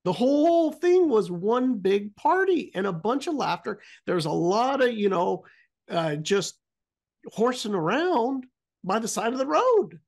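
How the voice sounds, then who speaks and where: A man's voice: high-pitched, big pitch swings, unhurried, gravelly. A middle-aged man co-hosting a talk podcast, telling a story casually and rambling, trailing off often. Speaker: podcast co-host.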